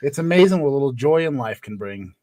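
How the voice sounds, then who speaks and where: A man's voice: mid-range voice, expressive, a little fast, dark tone. A man in his thirties co-hosting a casual livestream chat, joking and laughing often, in a small home room. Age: 30s. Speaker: livestream co-host.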